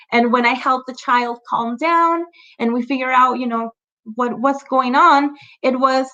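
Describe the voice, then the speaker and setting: A woman with a fairly high voice leads an online workshop for parents in a loose, conversational way. She keeps checking in with her listeners and laughs lightly between examples. The call audio sounds a bit muffled and lo-fi. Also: fairly even intonation, moderate pace, bright, forceful tone. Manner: chatty, checks in with frequent "right?" and "you know". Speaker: trainer leading a parent workshop. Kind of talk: conversational online training talk.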